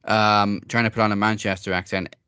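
A British man talks on a podcast in a fairly low voice, wry and chatty. The recording is dry and close to the mic. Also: flat delivery, brisk, pushed and bright, clean tone, no echo. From Britain. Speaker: podcast co-host. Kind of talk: casual chat.

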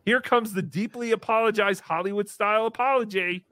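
A man hosts a casual livestream, reading out paid chat messages and cracking sarcastic jokes. His voice sits high and moves briskly, lurching between loud bursts and mumbled asides, with no echo at all.

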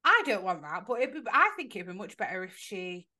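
Lively woman, bright voice. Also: medium pitch, a little fast. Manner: lively, laughs easily. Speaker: podcast co-host. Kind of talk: casual chat recapping a soap opera.

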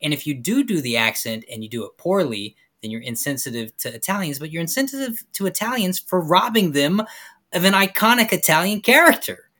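A man's voice: fairly high pitch, sing-song, a little fast, bright, forceful tone. A man co-hosting a casual talk show, making his points emphatically and arguing back. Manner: emphatic, argumentative. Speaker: podcast co-host. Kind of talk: casual chat.

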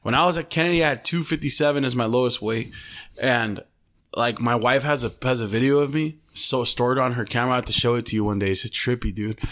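A man's voice: mid-range voice, quick pace, a bit bright. A young man co-hosting a podcast, telling loose gym stories in casual chat, full of swearing and "bro" and "dude.". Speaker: podcast co-host.

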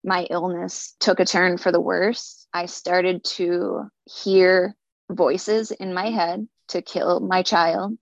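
A woman telling her own story in an earnest, halting way, sometimes repeating words. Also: lowish voice, flat delivery, gravelly, dry recording. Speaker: speaker sharing a personal story. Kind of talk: personal testimony. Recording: dull lo-fi recording.

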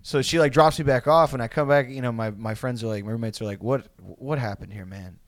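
A man's voice: mid-range voice, fast talker, dry recording. A young man telling a rambling story in casual chat, heavy on fillers and swearing.

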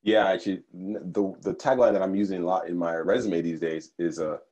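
A man from Nigeria who grew up in the United States, speaking as a podcast guest in a thoughtful, measured way with fillers and restarts. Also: low-pitched, steady tone, mellow, lo-fi sound. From Nigeria, raised in the United States. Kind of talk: conversational interview.

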